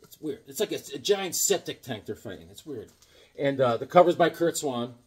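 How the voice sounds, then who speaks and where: A man's voice: mid-range voice, animated, normal speed, husky. A man casually chatting about his comic collection, rambling and joking, with fillers along the way. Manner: chatty, jokey, rambling with fillers and put-on voices in anecdotes. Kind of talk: casual chat.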